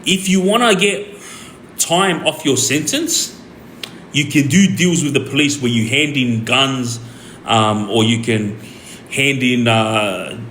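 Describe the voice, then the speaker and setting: A man's voice: mid-range voice, slow pace, fairly bright tone. A man, telling his own story in a heated, rambling way, full of fillers and swearing. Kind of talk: casual storytelling monologue. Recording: echoey room with faint background noise.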